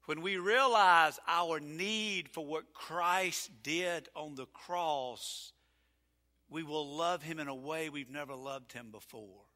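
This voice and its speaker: A male pastor preaching a folksy, emphatic sermon, building to loud, drawn-out peaks. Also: fairly high pitch. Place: church sanctuary. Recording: reverberant church sanctuary.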